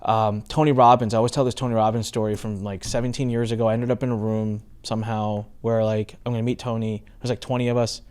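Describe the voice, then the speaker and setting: A middle-aged man hosting a podcast, telling a story with lively acted-out exchanges in casual chat. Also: lowish voice, fast talker, few pauses, clean tone. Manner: animated storyteller, acts out quoted exchanges. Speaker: podcast host.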